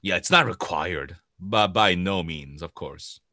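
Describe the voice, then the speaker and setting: In a relaxed livestream Q&A, a voice actor from Korea, a native Korean speaker with a Korean accent, fields audience questions, laughing frequently and restarting or repeating words in a lively way. He has a deep voice and talks a little slowly, recorded dry in clean studio sound.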